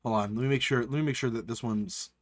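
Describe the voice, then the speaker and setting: A streamer giving live reaction commentary, swearing casually and breaking into exasperated, high-pitched rants. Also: steady tone, fast, dry recording, studio quality.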